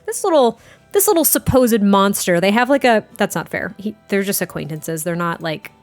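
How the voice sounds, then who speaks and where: A woman's voice: medium pitch, expressive, normal speed, soft background music. A woman hosting a game let's play, chatting and gushing as she tells the story of her characters. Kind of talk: casual game commentary.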